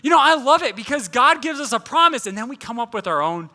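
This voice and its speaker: Male guest preacher with a high, very animated voice, telling his sermon with humor. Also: fast talker. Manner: humorous, conversational preaching with playful asides.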